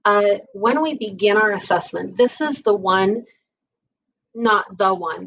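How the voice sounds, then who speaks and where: A woman's voice: mid-range voice, rough recording. A woman EMS instructor giving a casual, chatty lecture, often checking in with "right?" and "okay?" asides.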